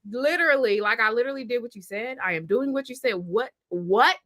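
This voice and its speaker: A young adult woman, the guest, telling a personal story in an animated, emphatic way and acting out her own past thoughts. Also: a little high, fairly quick.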